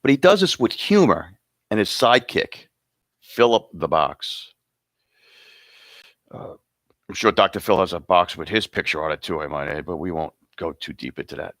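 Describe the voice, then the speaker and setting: A man's voice: low voice, lively intonation, normal speed, long pauses, fairly bright tone, dry recording. A man hosting an awards show, rambling and joking casually between announcements. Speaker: host presenting awards.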